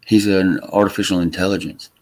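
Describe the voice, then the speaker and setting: Low-voiced louisiana guy hosting a stream, lots of ums and restarts. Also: fairly even intonation, darkish tone. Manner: halting, lots of fillers and restarts. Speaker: livestream host. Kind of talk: casual chat. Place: Texas home.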